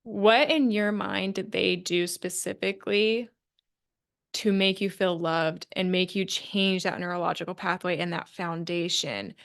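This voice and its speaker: A woman's voice: fairly low pitch, unhurried, creaky, fairly bright tone. A woman hosting a podcast, asking questions and reflecting earnestly in casual conversation. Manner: earnest, reflective, lots of fillers. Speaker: podcast host. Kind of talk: casual interview chat.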